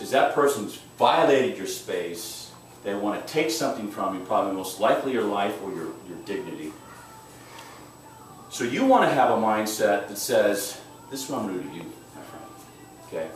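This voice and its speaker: A man teaching a self-defense class, speaking in an intense, emphatic and direct way. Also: mid-range voice. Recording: echoey room, mic far off, faint noise.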